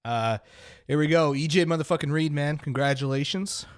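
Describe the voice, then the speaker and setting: A man co-hosting a podcast, loud and laughing, swearing through casual banter. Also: fairly high pitch, normal speed, music in the background. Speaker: podcast co-host.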